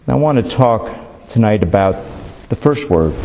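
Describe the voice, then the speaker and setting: Warm-voiced man preaching in a reverberant hall. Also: lowish voice, expressive, moderate pace, vocal fry, muffled recording, slight background noise. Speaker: pastor. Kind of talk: sermon. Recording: long reverb of a large hall.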